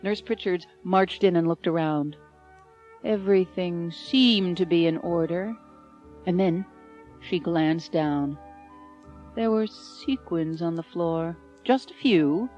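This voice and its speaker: A woman narrating an unabridged audiobook in a warm storytelling manner, close to the mic. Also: fairly low pitch, slow, soft background music. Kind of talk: scripted narration.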